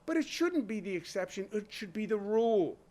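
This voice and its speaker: Blunt, emphatic man with a high voice. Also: sing-song, brisk, warm tone. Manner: emphatic, rhetorical questions; blunt, conversational. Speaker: state governor. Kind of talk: public briefing speech.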